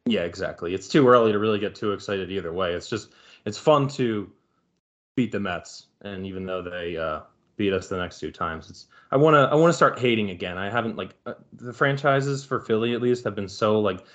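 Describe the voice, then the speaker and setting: A young man from the Philadelphia area with a Philly accent, co-hosting a casual sports podcast and rambling on in an animated way, swearing freely. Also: lowish voice, brisk. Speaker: podcast co-host. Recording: dull lo-fi audio.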